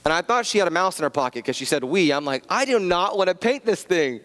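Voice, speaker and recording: Chatty pastor in a reverberant hall. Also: male voice, sits high, animated, fast talker, fairly bright tone. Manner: chatty and self-deprecating, many restarts and asides. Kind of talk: conversational sermon with personal stories. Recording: long reverb of a church hall.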